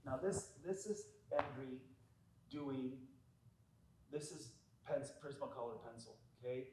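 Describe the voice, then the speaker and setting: A man's voice: mid-range voice, unhurried, background noise. A man, a tattoo artist, telling stories in a casual podcast chat, emphatic and full of swearing. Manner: profane, emphatic, talks with his hands about craft.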